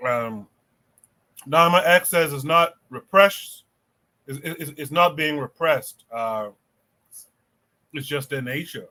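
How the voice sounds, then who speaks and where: Male podcast host, bright tone, low-key chat reader. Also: slow, long pauses. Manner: quiet, low-key, reads comments aloud.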